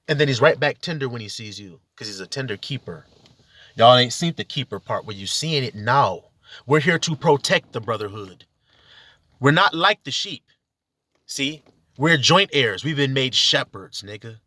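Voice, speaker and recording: A man delivering a heated, profane spiritual rant, preachy and confrontational, with sudden loud outbursts. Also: medium pitch, lively intonation, normal speed, dry recording. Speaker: religious video commentator.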